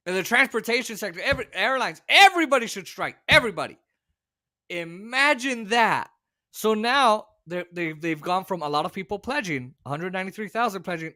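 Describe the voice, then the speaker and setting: An American man co-hosting a political commentary show, rambling and animated, breaking into shouts. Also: sits high, a little fast, no echo, studio quality. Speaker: co-host.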